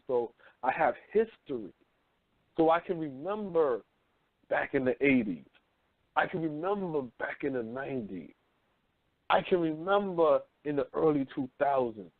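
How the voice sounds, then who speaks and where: A man in his thirties hosting a casual talk radio show, swearing freely and telling animated stories. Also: on the high side, dry recording. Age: 30s. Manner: loose, profane, animated storytelling. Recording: phone-line call-in radio, dry.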